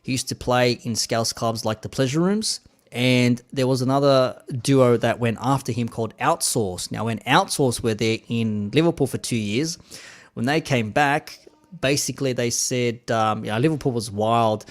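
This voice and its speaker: A man's voice: medium pitch, moderate pace. A man in his thirties with an Australian accent, hosting a laid-back, rambling live-stream chat in plain slang.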